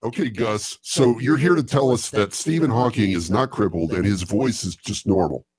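A man co-hosting a comedy show who laughs often and talks in quick bursts. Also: fairly low pitch, darkish tone, husky, no echo. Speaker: co-host. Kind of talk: comedy banter.

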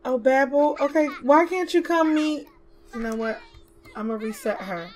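Woman, slightly high pitch; chatty let's-play host bossing her game characters around. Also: moderate pace, a little mellow, a little hiss or hum. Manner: chatty, talks to the game characters, slips into Southern US slang. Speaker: gaming YouTuber. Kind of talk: casual let's-play commentary.

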